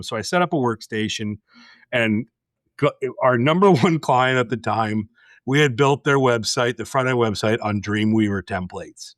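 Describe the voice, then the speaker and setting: A man's voice: medium pitch, lively intonation, moderate pace, no echo, studio quality. Blunt, intense middle-aged man telling a story. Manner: blunt, intense storyteller acting out quoted dialogue. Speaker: podcast host. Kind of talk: casual storytelling chat.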